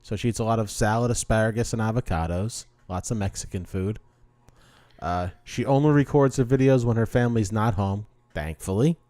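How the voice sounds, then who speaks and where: A man's voice: fairly low pitch, brisk, no room sound. A man hosting a podcast, telling joking stories in casual chat. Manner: joking, animated storyteller. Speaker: podcast host.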